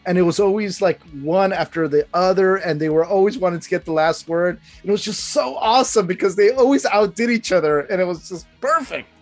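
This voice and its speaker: A man's voice: sits high, brisk, few pauses, no echo, faint music behind. A man in his thirties co-hosting a casual podcast, talking eagerly in rambling bursts with restarts and swearing. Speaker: podcast co-host. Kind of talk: casual chat about sitcoms.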